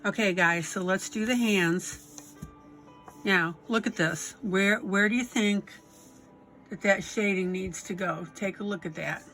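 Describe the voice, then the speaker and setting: A woman's voice: medium pitch, unhurried, a bit bright, faint music behind. Woman teaching coloring, checking in often. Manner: encouraging, checks in with frequent "okay?" and "right?". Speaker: coloring instructor. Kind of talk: step-by-step coloring tutorial.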